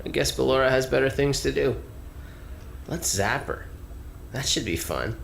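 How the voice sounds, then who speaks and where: Bored sarcastic teen robot. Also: male voice, mid-range voice, lively intonation, normal speed, creaky, fairly bright tone, slight background noise. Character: bored, sarcastic teenage-sounding male robot assistant.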